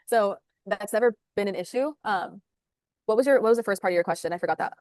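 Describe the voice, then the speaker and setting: A woman, a sales manager, talking fast and upbeat as an interview guest over a video call, with lots of "like" fillers. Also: mid-range voice, darkish tone, no echo, clean studio sound. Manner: rapid, upbeat, full of "like" fillers.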